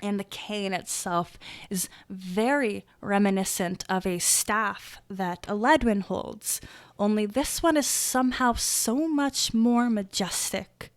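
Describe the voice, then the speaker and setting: Woman game master, mid-pitched voice, a bit worn, paints scenes in slow, descriptive narration. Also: no room sound. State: recovering from a lost voice.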